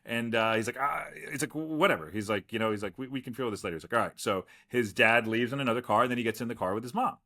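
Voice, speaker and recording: Bright-toned man rambling through a story. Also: medium pitch, fast talker, hardly any pauses. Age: 40s. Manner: rambling storyteller, many restarts and quoted asides. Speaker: podcast co-host. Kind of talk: casual podcast chat.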